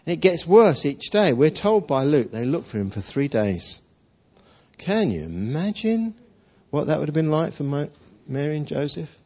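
A male preacher gives a sermon with a fairly high, very animated, darkish-toned voice at normal speed, telling a story chattily with lots of rhetorical questions. The lo-fi recording sounds dull.

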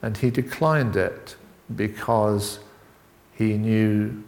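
A middle-aged man preaching an informal sermon, halting and full of restarts and asides as he talks with the congregation. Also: fairly low pitch, steady tone, a little mellow. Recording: long reverb in a hall.

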